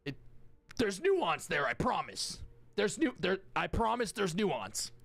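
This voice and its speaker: Hoarse, lively young man streaming. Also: sits high, measured pace, no room sound. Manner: profane, joking, self-mocking. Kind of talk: casual live gaming stream chat.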